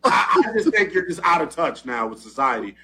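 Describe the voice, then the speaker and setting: A man trading jokes on a talk show, his bright voice swooping up and down as he ribs his co-host. He sits a touch higher than most men and keeps the banter rolling. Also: a little fast. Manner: animated, teasing, jumps up in pitch when excited.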